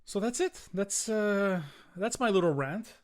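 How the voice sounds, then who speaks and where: A man's voice: high voice, animated, unhurried. A middle-aged man hosting a solo podcast, ranting in a profane, rambling way with frequent restarts. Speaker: podcast host.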